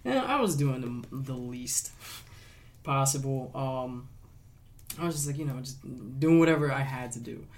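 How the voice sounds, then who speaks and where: Young male guest, mid-pitched, laid-back, swears freely, animated storyteller. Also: moderate pace. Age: young adult. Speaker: interview guest, artist. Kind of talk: casual chat over a chess game.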